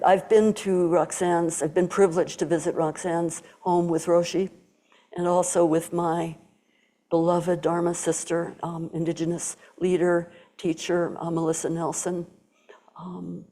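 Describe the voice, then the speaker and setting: Older woman telling a story, mellow voice. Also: lowish voice. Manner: warm storytelling with quoted voices and whispers. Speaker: Zen teacher giving a talk. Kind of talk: storytelling dharma talk.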